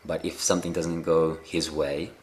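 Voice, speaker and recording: A man giving a gentle, unhurried spiritual talk on a live video call, often pausing with fillers and restarting his sentences. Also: extremely low pitch, little pitch movement. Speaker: spiritual teacher.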